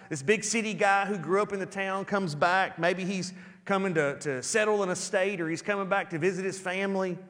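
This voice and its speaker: A man preaching a sermon as pastor, animated and acting out little everyday scenes in different voices, in a church. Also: sits high, long reverb tail. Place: church sanctuary.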